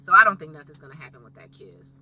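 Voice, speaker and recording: A woman's voice: fast talker, distant mic, muffled recording. A young woman chatting casually as she recaps a TV episode, slangy and storytelling. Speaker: TV episode reviewer.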